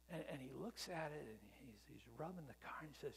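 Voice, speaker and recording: Preacher swinging from loud to whisper. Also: male voice, fairly high pitch, animated, fast, vocal fry, hardly any pauses, slight background noise. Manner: swells loud then drops to a whisper. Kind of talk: sermon storytelling. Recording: long hall reverb.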